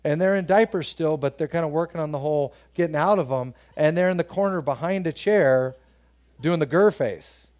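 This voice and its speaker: Animated storytelling pastor, man. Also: a little high, moderate pace. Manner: animated storytelling, acting out voices in quotes; conversational, asks the congregation questions. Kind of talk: sermon with personal stories.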